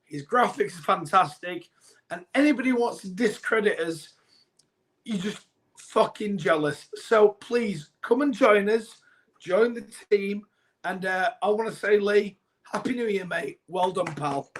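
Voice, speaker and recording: A man co-hosts a live football fan stream. He is enthusiastic and full of praise, swears casually, and has a fairly high voice for a man. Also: unhurried. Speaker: co-host.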